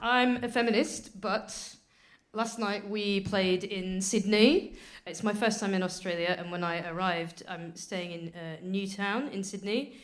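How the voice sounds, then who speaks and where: A woman's voice: mid-range voice, measured pace, hardly any pauses. A woman co-hosting a live comedy show on a theatre stage, telling rambling, self-deprecating stories with laughter. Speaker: comedy podcast co-host. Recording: live theatre recording with crowd noise.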